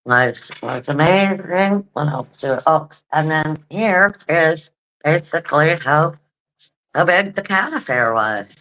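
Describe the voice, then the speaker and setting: A woman's voice: deep voice, expressive, slow, fairly bright tone, poor audio. A woman hosting an online show, chatting casually and rambling to her viewers, repeating words and laughing often. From Canada. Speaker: show host.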